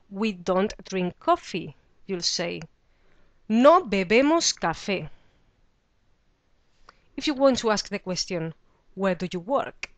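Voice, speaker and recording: A woman's voice: mid-range voice, dry recording. Woman teaching beginner Spanish, dry close sound. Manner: clear, slow model pronunciation of example words. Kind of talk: scripted language lesson.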